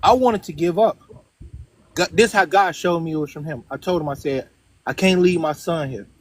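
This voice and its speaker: High-voiced man telling his story earnestly. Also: normal speed. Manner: earnest, emphatic, often checks in with "right?". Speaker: guest. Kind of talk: casual storytelling.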